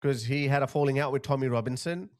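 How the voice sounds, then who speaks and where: A man's voice: mid-range voice, quick pace. A man hosting a commentary channel, talking bluntly and emphatically to his viewers as he reacts to video clips.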